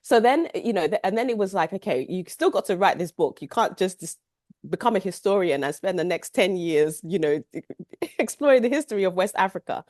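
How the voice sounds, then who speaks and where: A woman's voice: lowish voice, expressive, brisk, a little mellow, no room sound, clean studio sound. A woman author talking casually about writing her book, with lots of restarts and "you know". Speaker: author guest. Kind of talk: casual book club conversation.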